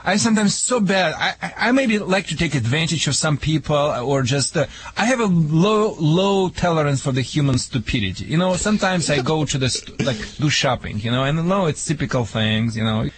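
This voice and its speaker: A man's voice: on the high side, expressive, moderate pace, few pauses, a little hiss or hum. A man from Russia with a Russian accent, co-hosting a radio show as a dog trainer, joking and playful in broken English with many restarts. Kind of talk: casual radio chat.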